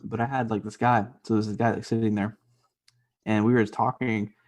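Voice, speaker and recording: A man's voice: fairly low pitch, level tone, fairly quick, a little mellow. A young man co-hosting a casual podcast, telling rambling stories with lots of laughter and swearing. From grew up half Mexican in the US. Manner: laughs often, swears a lot, rambling storyteller. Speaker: podcast co-host.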